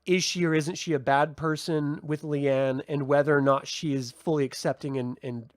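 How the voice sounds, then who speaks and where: A man talks through a TV episode review on his own channel in a loose, chatty way. He rambles and restarts, filling pauses with ums. His voice sits a little high and the sound is dry and close. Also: fairly even intonation, no echo. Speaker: TV review host. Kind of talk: casual solo review talk.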